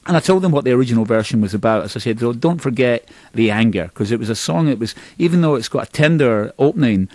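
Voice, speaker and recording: A man's voice: medium pitch, animated, rapid-fire, a little mellow, no room sound. A middle-aged Scottish man, a band's singer, telling long rambling stories in a radio interview with a self-mocking, laughing manner. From Scotland. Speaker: band singer, interview guest.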